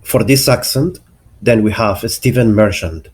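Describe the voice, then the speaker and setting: Slow, low-voiced male English teacher. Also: a little mellow, husky. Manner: careful, deliberate enunciation of example words. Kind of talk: explaining pronunciation lesson.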